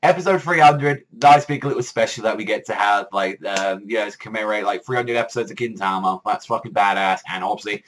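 Lower-voiced man ranting excitedly. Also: fairly quick, few pauses, slight background noise. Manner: rambling, heavy swearing, many "like" fillers. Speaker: anime reviewer. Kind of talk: casual excited review.

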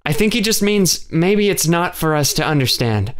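A woman's voice: lowish voice, expressive, pitched above the performer's own voice, lightly acted. A male audiobook narrator voicing a practical, level-headed woman with a dry edge. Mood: reasoning. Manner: measured, hesitant, snarky at times.

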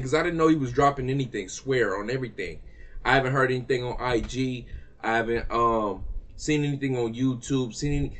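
A man's voice: mid-range voice, a bit bright. A man giving a heated, profane rant to camera about a music release, repeating himself for emphasis. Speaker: music reaction vlogger.

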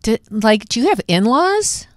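A woman hosting a casual interview, eager and curious, reacting quickly to her guest. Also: on the high side, sing-song, no room sound, studio quality. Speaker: host.

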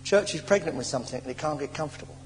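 High-voiced English preacher in an echoing hall. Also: male voice, rapid-fire. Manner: animated storytelling with stammers and sighs. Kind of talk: sermon. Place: church hall. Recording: old church sermon tape in a reverberant hall with faint hiss.

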